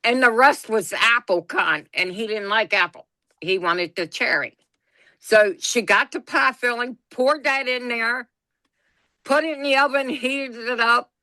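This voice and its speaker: Woman, bright, close and dry sound, blunt, folksy storyteller. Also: on the high side, unhurried, dry recording. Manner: folksy, blunt, laughs through her stories. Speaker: podcast co-host. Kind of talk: casual storytelling chat.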